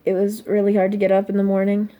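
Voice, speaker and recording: A teenage girl speaking in a personal confessional vlog, soft and halting, full of fillers, sounding upset. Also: mid-range voice, monotone, narrow, tinny audio. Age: teens. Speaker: vlogger.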